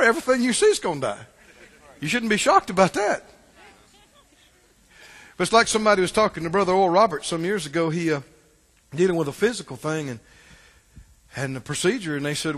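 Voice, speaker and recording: A man preaching a sermon, folksy and animated, with chuckling asides. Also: sits high, in a large hall.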